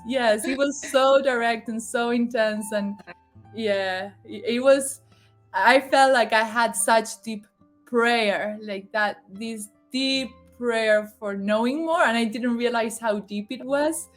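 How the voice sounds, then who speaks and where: A woman's voice: on the high side, slow, faint music behind. A woman telling a personal spiritual story in a casual, emotional way, often laughing and acting out the voices of others. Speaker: guest sharing spiritual story.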